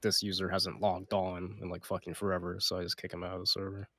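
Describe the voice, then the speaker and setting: A man with a very low, deep voice, talking in a laid-back, self-mocking way on a voice call. His sound is close and dry, with no room around it. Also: monotone, fast, pushed and bright, dry recording. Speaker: guest, server admin. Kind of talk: casual chat.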